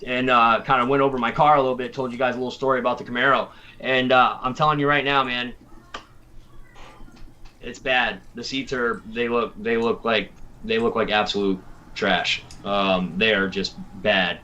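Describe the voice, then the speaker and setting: A man's voice: mid-range voice, steady tone, moderate pace, sharp tone, muffled recording, slight background noise. Rambling laid-back man hosting a stream. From Tennessee. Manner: rambling, laughing, repeats words. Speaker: host. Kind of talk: casual livestream chat.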